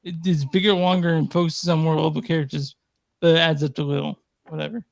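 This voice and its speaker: A man with a slightly high voice co-hosts a movie podcast in a relaxed, hesitant style, with plenty of small fillers. The recording is dry and close, with no room sound. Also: fast talker, vocal fry, no echo. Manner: easygoing, hesitant, lots of fillers. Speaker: podcast co-host. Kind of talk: casual chat.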